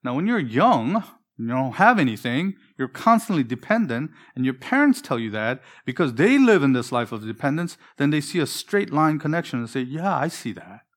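A male pastor delivering a sermon with earnest conviction. He slows down and stretches important phrases for weight and keeps turning to his listeners with pointed questions. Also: fairly high pitch, big pitch swings. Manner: earnest, preacherly, with drawn-out emphatic phrases; asks the congregation direct questions.

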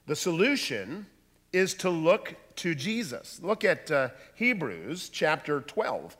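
A man preaching a sermon, dramatic, dropping to a hush and rising to loud bursts. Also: fairly high pitch, sing-song, slow pace. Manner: dramatic, swings from hushed to loud. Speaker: pastor. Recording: long hall reverb.

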